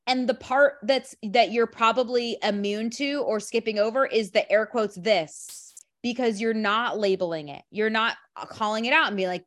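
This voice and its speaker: Female group coach, higher voice, emphatic, casual talk with many restarts. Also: normal speed. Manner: emphatic, leans on "literally" and "like", restarts often.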